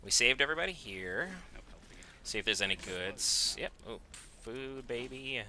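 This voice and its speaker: A man's voice: medium pitch, lively intonation, normal speed, bright, forceful tone. A man giving casual gameplay commentary as host of a gaming channel, joking and offhand, often talking to himself.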